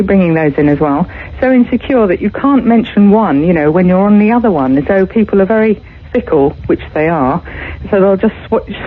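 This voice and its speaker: Chatty, husky woman caller. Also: medium pitch. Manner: chatty, giggly. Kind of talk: phone-in chat. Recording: tinny phone line with faint music.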